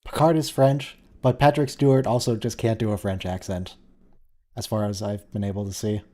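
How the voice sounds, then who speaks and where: Mellow man musing over an episode. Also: lowish voice, fairly even intonation, normal speed. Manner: musing, conversational, thinks aloud with restarts. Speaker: watch-along host. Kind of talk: casual live commentary.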